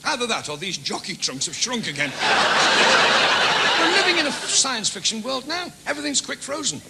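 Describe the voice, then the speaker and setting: A man, doing a stand-up comedy routine with rapid, sing-song gag delivery. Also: extremely high pitch, big pitch swings, gravelly, very noisy. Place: TV studio stage with audience.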